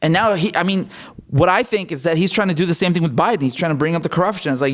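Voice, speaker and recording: A man's voice: on the high side, fast talker. A man hosting his own political commentary show, ranting in a blunt, sarcastic and heated way, sometimes swearing.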